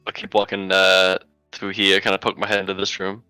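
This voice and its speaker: A man's voice: low voice, monotone, a little fast, sharp tone, clean tone, dry recording, faint music behind, poor audio. A man playing a tabletop game, joking with incredulous banter. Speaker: player. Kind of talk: role-play banter.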